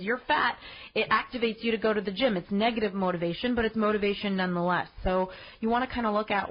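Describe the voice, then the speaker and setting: Woman podcast host, late 20s to 30s, earnest encouraging self-help delivery, mid pitch. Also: highs cut off. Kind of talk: solo podcast reflection.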